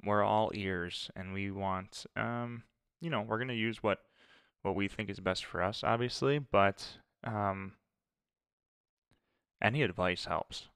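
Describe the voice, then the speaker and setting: A man's voice: fairly low pitch, slow pace, a bit bright, clear, resonant tone, dry recording, clean studio sound. A young man co-hosting a podcast with his wife, easygoing and thinking aloud with fillers. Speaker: podcast co-host. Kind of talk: casual chat. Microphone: close studio mic.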